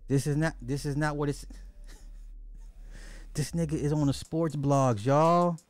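A man hosting a podcast in casual livestream commentary, animated and slangy, talking straight to his viewers. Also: fairly high pitch, takes it slowly, dry recording. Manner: animated, slangy, addresses the chat directly. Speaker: podcast host.

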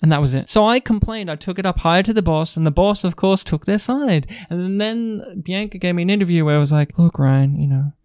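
A young man from Australia telling stories in a relaxed interview, a bit high for a man, with a mellow, smooth, rounded tone. He gets animated, laughs often and acts out the people he quotes. The sound is dry and close. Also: brisk, hardly any pauses, no echo. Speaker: guest. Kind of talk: casual storytelling interview.

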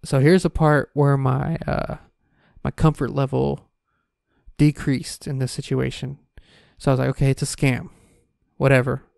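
A man in his twenties telling a story in a casual, profane, animated rant. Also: medium pitch, measured pace, creaky, pauses often, no echo, clean studio sound. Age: 20s.

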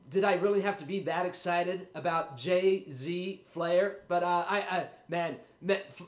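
A man's voice: sits high, unhurried, roomy sound. A man hosting a wrestling podcast while sick with a cold, rambling and hyped, with a salty, profane streak. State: has a cold, congested. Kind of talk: casual solo podcast talk.

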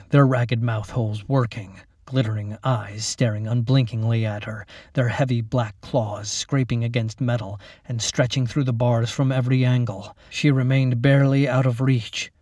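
Male narrator, mid pitch, dry studio read; steady, measured horror storytelling. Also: no echo.

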